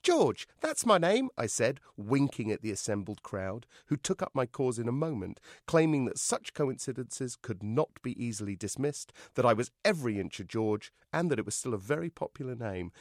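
A man, the author, reading his novel aloud in an expressive, wry manner. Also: medium pitch, moderate pace, hardly any pauses, dry recording, studio quality.

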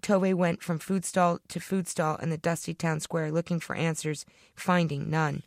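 A woman's voice: low voice, level tone, normal speed, gravelly, no echo, clean studio sound. A woman reading her own short story aloud in a dramatic, rhythmic narration.

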